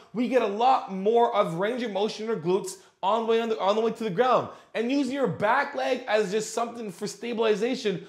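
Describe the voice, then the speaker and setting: A man's voice: very high voice, reverberant. A man, a fitness coach, bluntly critiquing workout form with exasperation and casual swearing.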